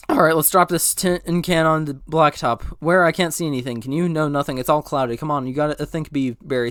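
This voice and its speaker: A man tears through a movie script as a comedic speedrun, voicing every line himself. His voice is smooth and a little high, and he trips over words, backs up and corrects himself with a flat, deadpan delivery. The sound is close and dry, with no room around it. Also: fast talker, no echo. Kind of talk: rapid comedic script read-through, all parts.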